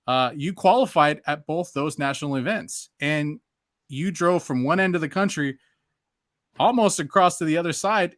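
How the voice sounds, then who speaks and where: A man's voice: a little high, a bit bright, no room sound, studio quality. A man hosting a podcast, asking questions with enthusiasm and laughing along with his guest. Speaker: podcast host.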